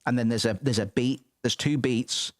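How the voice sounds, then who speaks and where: Casting: young man, rambling sweary gamer, dry close mic, mid pitch. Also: fairly even intonation, moderate pace, no room sound. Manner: sweary, rambling, muttering asides. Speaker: gaming streamer. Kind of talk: casual gameplay commentary.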